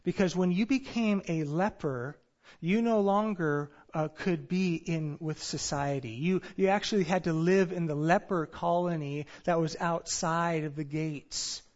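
A man's voice: on the high side, unhurried, muffled recording. A male pastor preaching a sermon in a church sanctuary, earnest and storytelling, with some fillers.

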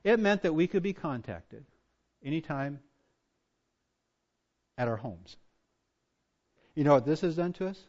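A pastor preaching a sermon, swinging from hushed asides to loud emphatic points. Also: male voice, fairly high pitch, animated, measured pace, pauses often. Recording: dull lo-fi church recording.

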